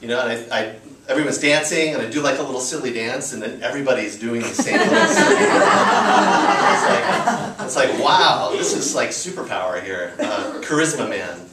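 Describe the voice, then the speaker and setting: Very noisy audio captures an American man in his thirties telling a live audience a personal story in a loose, filler-heavy, chatty way. He speaks at normal speed in a medium-pitched, sing-song voice, recorded from a distance in a roomy storytelling venue.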